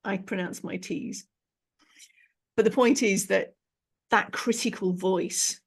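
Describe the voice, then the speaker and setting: A British woman hosting a podcast interview as a speaking coach, talking in an encouraging, expressive way. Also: medium pitch, a little slow, vocal fry, husky. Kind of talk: conversational interview.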